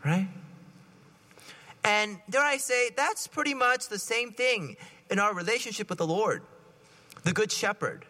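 A man preaching a sermon in a conversational, animated way, acting out little scenes as he talks. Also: high voice, unhurried, long pauses. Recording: reverberant hall.

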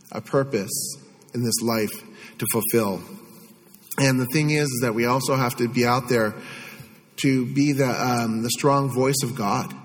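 A man preaches a homily to his congregation, speaking in a conversational, earnest manner and circling back to repeat phrases as he goes. His voice sits in a middle register for a man. The church around him adds a long, lingering reverb. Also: medium pitch. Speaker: Catholic priest. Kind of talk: sermon.

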